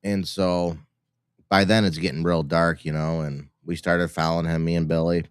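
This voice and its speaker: A man co-hosting a live show, telling a long story in casual chat with halting restarts. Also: sits low, flat delivery, smooth, no room sound, studio quality.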